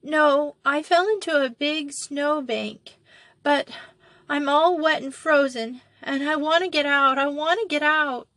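A woman's voice: high voice, a little slow, fairly bright tone, no room sound, voice pushed up. A woman voicing a small frightened girl trapped in a pit, sobbing and pleading as she reads a storybook aloud. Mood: terrified sobbing.

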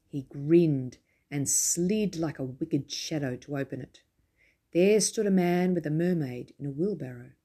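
A woman reading a children's story aloud with gentle, expressive storytelling. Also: low-pitched, slightly rough. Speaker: narrator.

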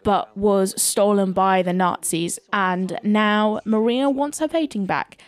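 A woman's voice: mid-range voice, slow pace, dry recording. Chatty woman reviewing films. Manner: chatty, opinionated. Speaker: film podcast host. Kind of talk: solo film review podcast.

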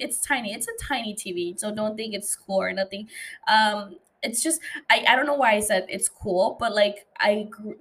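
Young woman, solo podcast host, slightly high voice, casual, profane, giggly. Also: a bit bright. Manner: loose, profane and playful, with frequent fillers and laughs.

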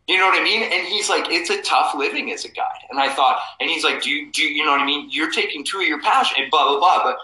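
A man in his forties with a very bright, sharp voice tells stories in a casual interview. He acts out the people he quotes with lively swings in his voice. The room around him sounds echoey. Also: medium pitch. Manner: animated anecdotes, acting out quoted people. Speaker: guest, cofounder of a map company.

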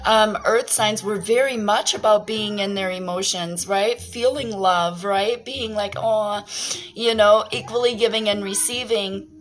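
A woman's voice: medium pitch, steady tone, unhurried, hardly any pauses, poor audio. Woman, tarot reader, rambling and candid, feels scattered, faint music under her voice. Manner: rambling, candid, swears casually. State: feeling scattered and confused. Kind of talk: casual spiritual card reading.

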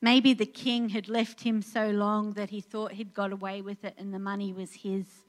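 A woman's voice: medium pitch, flat delivery, moderate pace. A woman, preaching a sermon in an earnest, conversational way with many fillers and restarts. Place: church in Portugal.

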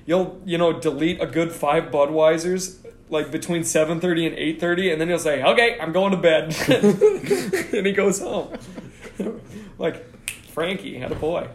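Man podcast co-host, fairly high voice, roomy echo, chatty storyteller. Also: lively intonation, unhurried. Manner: chatty storyteller, laughs often. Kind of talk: casual chat.

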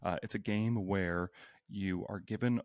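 A man's voice: low voice, fairly even intonation, a little slow, a little mellow, no room sound, clean studio sound. A man, a healthcare worker, talking as a guest on a podcast in a brash, joking way with plenty of swearing. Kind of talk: casual podcast chat.

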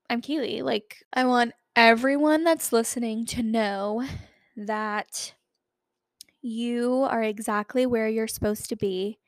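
A woman's voice: fairly high pitch, no echo, studio quality. A young woman in her twenties hosting a solo podcast, talking in a chatty, rambling way with lots of fillers. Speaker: podcast host.

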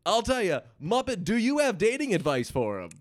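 A man with a strikingly high voice hosts a jokey morning radio call-in, rambling and teasing his co-host. He slips into a slight put-on southern twang. The sound is close and dry, with no room around it. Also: wildly swooping pitch, moderate pace, no echo. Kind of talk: comedic call-in radio banter.

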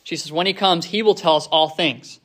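A man teaching a Bible passage informally, reading verses and paraphrasing them in a relaxed, conversational way. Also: a little high, a little fast. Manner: conversational, paraphrases scripture in casual speech.

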